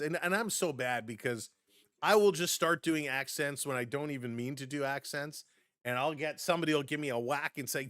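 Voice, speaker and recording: A man's voice: a little high, moderate pace, fairly bright tone, no echo, studio quality. A man hosting a live hockey stream, mixing casual play-by-play with laughing chat to viewers. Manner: chatty, laughs often, jumps between plays and viewer chat.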